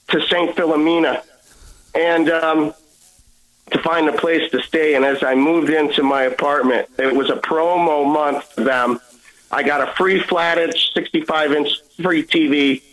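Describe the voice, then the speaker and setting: A man giving an earnest personal testimony as a guest, halting and repeating words as he goes. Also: fairly high pitch, fairly bright tone, poor audio.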